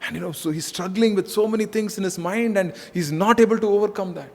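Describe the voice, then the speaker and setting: A man's voice: high voice, quick pace, creaky, a little mellow. A man preaching a conversational sermon as pastor, repeating phrases and saying "you know" often. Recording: echoey hall.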